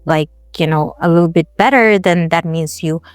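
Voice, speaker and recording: A woman's voice: on the low side, normal speed, smooth, no echo. A woman co-hosting a casual podcast, speaking reflectively and thinking aloud. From India. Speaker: podcast co-host. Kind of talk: casual chat.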